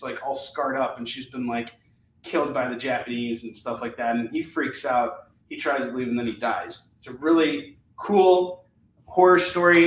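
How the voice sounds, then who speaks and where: A man hosting a live comic book sales show, chatting casually and enthusiastically, rambling with fillers as he pitches each book. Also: fairly bright tone. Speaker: live shopping show host selling comics. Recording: echoey room, mic at a distance, faint noise.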